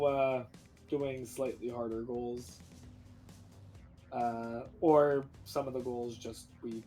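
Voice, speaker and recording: A man's voice: mid-range voice, a little mellow. A man racing in a live game stream, thinking aloud in an anxious, rambling way. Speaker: speedrunner competing in a bingo race. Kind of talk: live gameplay chatter.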